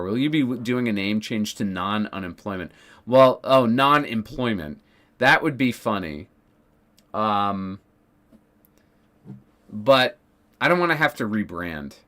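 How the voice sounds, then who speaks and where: A man's voice: lowish voice, lively intonation, unhurried, long pauses, pushed and bright. A man streaming casually, ranting sarcastically with lots of swearing, fillers and restarts. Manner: profane, sarcastic, rambling with many fillers.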